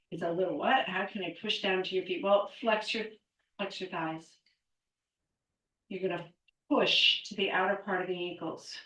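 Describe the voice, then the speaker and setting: A woman's voice: lowish voice, fairly bright tone. Echoey distant woman leading qigong. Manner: counts aloud and cues movements. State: a little out of breath. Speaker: qigong instructor. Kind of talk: guided exercise class. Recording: echoey room, voice away from mic.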